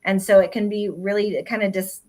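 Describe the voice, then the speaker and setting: A woman's voice: medium pitch, little pitch movement, brisk, mellow. A middle-aged woman talking casually on a panel, thoughtful and hedging, with lots of ums and asides. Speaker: re-parenting panelist.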